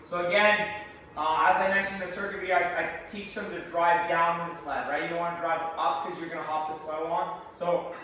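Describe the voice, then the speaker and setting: Hoarse coach in an echoey gym. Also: male voice, on the high side, little pitch movement, brisk, bright, forceful tone, far from the mic, a little hiss or hum. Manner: practical, coaching cues, talks to his son in asides. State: slightly hoarse. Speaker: strength coach. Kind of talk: instructional workout walkthrough. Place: large echoey gym, indoors.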